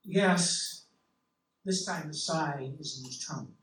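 A man reading a literary novel in the first person, with a measured, reflective delivery. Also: a little high, fairly bright tone. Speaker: audiobook narrator. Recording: roomy, distant mic, faint hiss.

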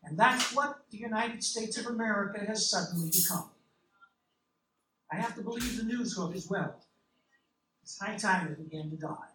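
A man reading a literary novel in the first person, with a measured, reflective delivery. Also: high voice. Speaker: audiobook narrator. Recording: roomy, distant mic, faint hiss.

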